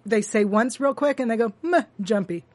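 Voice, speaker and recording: A woman's voice: a little high, fairly even intonation. A woman co-hosting a podcast, chatting casually and adding short jokey asides. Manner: chatty, quick to laugh, adds short quips. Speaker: podcast co-host. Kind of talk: casual chat recapping a TV episode.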